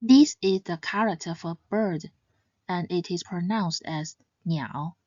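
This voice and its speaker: A woman teaching pronunciation in a scripted lesson, speaking slowly and carefully and stressing each example sound. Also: on the low side, a little mellow, no echo, dull audio. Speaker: language teacher.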